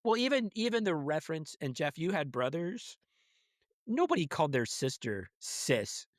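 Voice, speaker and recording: This podcast co-host, a middle-aged man, is very animated, with a fairly high pitch and a moderate pace. In a casual conversation he meanders, restarts his sentences, keeps a wry edge, and imitates what others said. The recording is dry and studio-clean.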